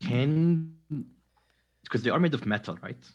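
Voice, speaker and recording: A man's voice: medium pitch, animated, a little slow, muffled recording. A man chatting casually as a tabletop game player, joking and rambling, often unsure of himself. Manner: joking, rambling, self-deprecating.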